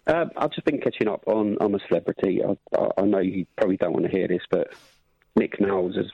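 A man calling into a radio phone-in, talking in a hesitant, halting way over a muffled line. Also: low voice, lively intonation, gravelly, breathy edge, no echo. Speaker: caller. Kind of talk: phone-in call.

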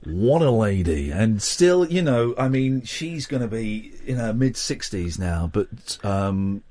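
A man's voice: medium pitch, takes it slowly, a little mellow. A man, hosting late-night talk radio from a studio, playful and teasing as he rambles. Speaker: radio host.

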